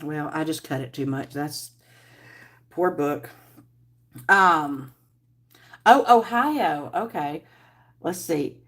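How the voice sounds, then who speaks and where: A woman hosting a casual livestream, rambling and chatting with viewers while she crafts. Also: fairly low pitch. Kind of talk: casual live-stream chat while crafting.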